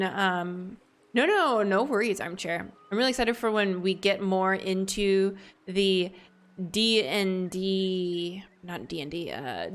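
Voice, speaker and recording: Her medium-pitched voice has a fairly bright tone. She's a woman from the American South, with a Southern accent, casually rambling to her live-stream audience as she plays a game.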